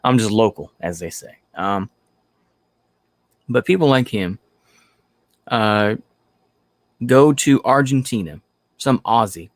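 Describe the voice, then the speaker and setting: A man's voice: fairly low pitch, animated, takes it slowly, pauses often, no echo. A man from the United States hosting a livestream in casual chat, rambling, repeating himself and trailing off into fillers. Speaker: livestream host.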